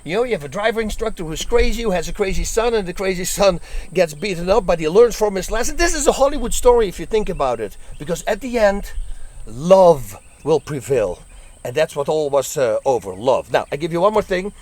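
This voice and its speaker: Animated man telling bar stories. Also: sits high, quick pace, few pauses. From Netherlands. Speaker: former bouncer telling stories. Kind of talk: casual storytelling.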